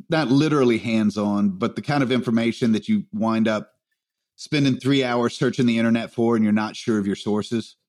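Male podcast host, mid-range voice, wry self-deprecating humor. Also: medium pitch. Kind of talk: casual chat.

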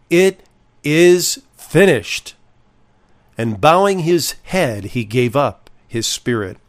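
A man preaching a sermon, reading scripture and stressing key phrases in a slow, deliberate delivery. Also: medium pitch. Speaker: pastor.

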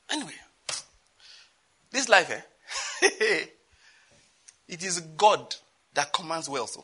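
A male preacher delivering a sermon, moving between loud exclamations and quiet asides. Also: a little high, husky.

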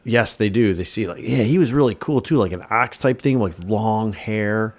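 A man's voice: fairly low pitch, moderate pace. A man co-hosting a podcast, recapping a film in a rambling, profane casual chat. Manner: rambling, swears often, tries silly accents.

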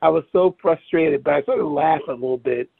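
A man recalling his experience in an interview, speaking haltingly, searching for words and repeating himself. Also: a little high, vocal fry, slightly rough, no echo. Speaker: interview guest. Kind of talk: personal recollection over the phone. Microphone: telephone. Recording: tinny phone line.

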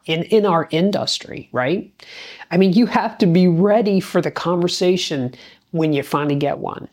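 A middle-aged woman hosting a talk show, telling a personal story in a conversational, energetic way and acting out the dialogue she quotes. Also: low-pitched. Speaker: podcast host.

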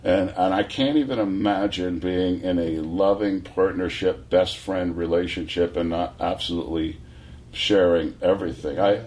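A man in his sixties from California, a guest telling rambling, animated stories full of restarts. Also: low voice, normal speed. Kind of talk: casual storytelling.

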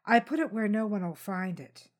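A woman's voice: medium pitch, lively intonation, normal speed, natural voice. Lady doing a defensive 15 y.o. runaway boy, short curt answers. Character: defensive fifteen-year-old runaway boy.

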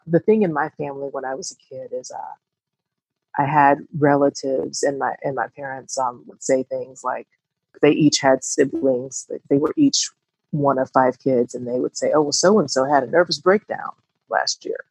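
A woman's voice: rumbling low, steady tone, moderate pace, darkish tone, no echo, poor audio. A woman co-hosting a podcast, speaking candidly and reflectively in a casual, heartfelt conversation. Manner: reflective, candid, rising emphasis. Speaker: podcast co-host.

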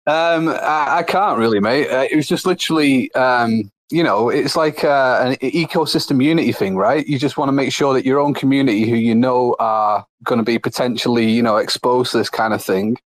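A man's voice: medium pitch, fairly quick, hardly any pauses. A man explaining something on a casual live audio chat, hesitant and full of fillers. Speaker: guest.

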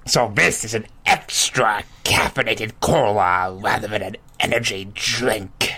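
A man's voice: lowish voice, a little slow, pushed and bright. A man with a cold explaining things to friends in a casual group chat, with sarcastic asides. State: sick with a cold. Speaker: co-host giving advice.

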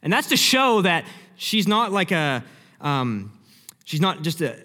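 A young man preaching a sermon, telling the story vividly and acting out the scenes, dropping from loud to hushed. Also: on the high side, very animated, measured pace. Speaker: pastor. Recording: long hall reverb.

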